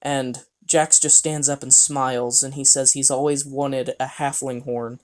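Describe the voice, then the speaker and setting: A man's voice: mid-range voice, little pitch movement, unhurried. Man rambling through a game story. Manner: rambling, with frequent fillers and chuckles. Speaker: player recounting a game. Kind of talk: casual storytelling.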